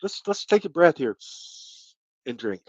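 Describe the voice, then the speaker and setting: A man's voice: fairly high pitch, very animated, a little slow, no room sound, highs cut off. A middle-aged man from Kentucky with a light Kentucky accent, hosting a casual live stream chat in a rambling, folksy way. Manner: rambling, folksy, thanks viewers by name. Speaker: channel host.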